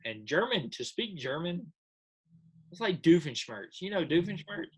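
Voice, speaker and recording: A man's voice: fairly high pitch, sing-song, unhurried, slightly rough. A young man co-hosting a podcast, laid-back and joking in casual chat. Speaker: podcast co-host.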